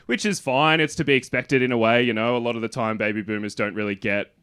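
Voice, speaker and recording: A man's voice: medium pitch, quick pace, fairly bright tone, clear, resonant tone. A man with an Australian accent doing a self-deprecating stand-up comedy set on a club stage with a handheld mic. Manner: dry, self-deprecating delivery. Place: comedy venue with live audience.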